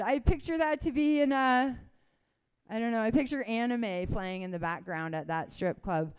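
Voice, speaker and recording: A woman's voice: a little high, moderate pace, clean tone. A young Canadian woman doing a casual, rambling stand-up set, chuckling at her own stories. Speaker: stand-up comedian.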